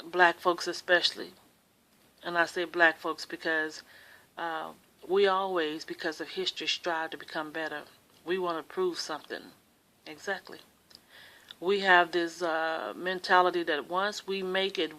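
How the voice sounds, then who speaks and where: A woman's voice: fairly low pitch, bright, forceful tone, rough recording. A woman vlogger giving a rambling, impassioned opinion monologue in a casual way. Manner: rambling, impassioned social commentary.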